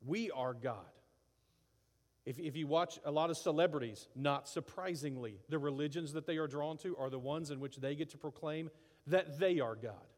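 A man delivering a sermon with lively energy, slipping into acted-out voices for the people he quotes. His voice sits a little high for a man. A long reverb trails each phrase, as in a large hall. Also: moderate pace. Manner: animated, acts out voices. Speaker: pastor.

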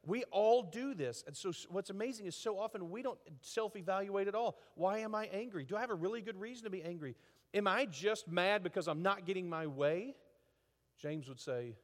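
A middle-aged man preaching a conversational sermon as a pastor, with lively acted asides. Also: high-pitched, fairly quick. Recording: long hall reverb.

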